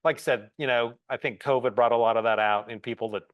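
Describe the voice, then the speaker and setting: A man's voice: mid-range voice, steady tone, fast talker, no room sound, muffled recording. A man hosting a podcast, talking casually and hesitantly as he searches for his words. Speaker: podcast host. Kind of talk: casual interview talk.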